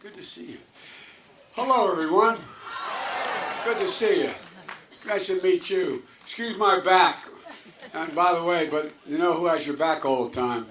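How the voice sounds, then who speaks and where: A man's voice: fairly high pitch, a little slow, pauses often. An older man from Delaware giving a campaign speech to a crowd, a folksy, rambling storyteller with chuckles and asides. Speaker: political candidate. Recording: echoey hall with faint noise.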